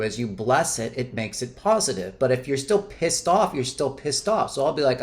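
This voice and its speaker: A man talking to camera in an earnest, coaching way about feelings, often trailing off softly at the ends of his thoughts. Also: medium pitch, expressive, a little fast, hardly any pauses. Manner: earnest and coaching, gets loud and playful when swearing. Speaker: self-help vlogger. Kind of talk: reflective solo talk to camera.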